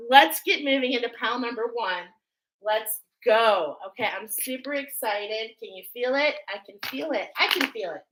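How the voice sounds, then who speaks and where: A woman's voice: on the high side, moderate pace, fairly bright tone, poor audio. Chatty woman from australia reading oracle cards, middle-aged, upbeat, talks straight to her viewers. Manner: chatty and enthusiastic, addressing viewers as friends. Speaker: tarot and oracle card reader. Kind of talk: casual spiritual card reading to camera.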